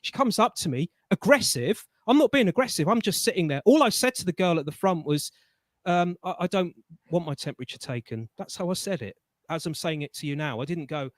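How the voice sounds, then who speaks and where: A man, a guest on a live online show, telling a story in a casual, animated way, with frequent stammered restarts and colloquial phrases. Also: high-pitched, brisk, no echo.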